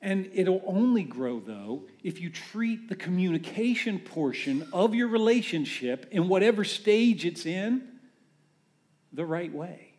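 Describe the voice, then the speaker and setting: A man preaching a conversational sermon as a pastor, animated and full of rhetorical questions. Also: high-pitched, measured pace.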